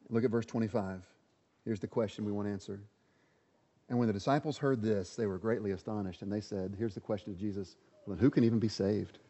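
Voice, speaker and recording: Reading scripture aloud in a large hall, a man preaches a sermon and repeats lines with rising emphasis, his voice medium-pitched and dark. The audio is muffled, with long hall reverb.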